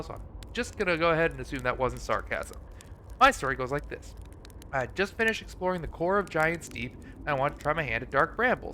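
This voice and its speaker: A man's voice: fairly high pitch, pushed and bright, a little hiss or hum. A man reading a wry, folksy stranded alien pilot. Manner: folksy, dry humor, read aloud from on-screen dialogue. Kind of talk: reading game dialogue aloud.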